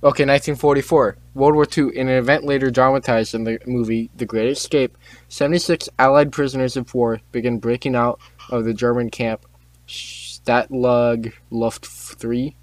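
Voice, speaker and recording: A man's voice: medium pitch, level tone, moderate pace, dry recording. Teen guy reading history facts, dry. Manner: stumbles over names, joking asides. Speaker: podcast host. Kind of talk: casual chat, reading on-this-day facts.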